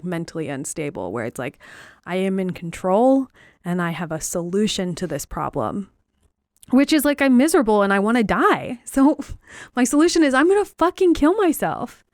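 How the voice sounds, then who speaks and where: A woman's voice: mid-range voice, dry recording. Frank young woman, dry close sound. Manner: frank, filler-heavy, dark humor. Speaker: podcast host. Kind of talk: candid personal storytelling.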